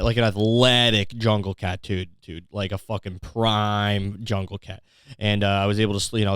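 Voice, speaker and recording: Guy ranting on his comedy podcast, swears a lot, smooth clear voice, dry close sound. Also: mid-range voice, a bit bright, dry recording. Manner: profane, rambling, mock-outraged. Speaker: podcast host.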